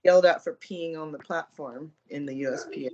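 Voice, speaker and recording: A woman's voice: low voice, a little fast, a little mellow, lo-fi sound. A woman chatting casually on a podcast, blunt and laid-back, swearing offhand. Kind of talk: casual chat.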